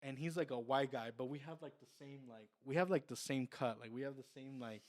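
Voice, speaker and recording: A man's voice: medium pitch, brisk. A young man, a car salesman on a podcast, telling a long story casually, with lots of fillers and restarts. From Mexican heritage.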